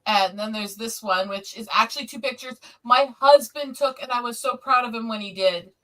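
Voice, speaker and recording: A woman's voice: on the high side, normal speed, a bit bright. A woman streaming casually to her viewers, gushing and emotional as she talks, laughing often. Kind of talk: casual live-stream chat.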